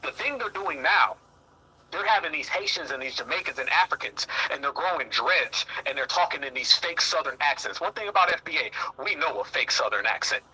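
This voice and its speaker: A man's voice: fairly high pitch, expressive, fairly quick, pushed and bright, husky, poor audio. A man hosting a heated commentary talk show, emphatic and repetitive, often swearing. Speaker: host.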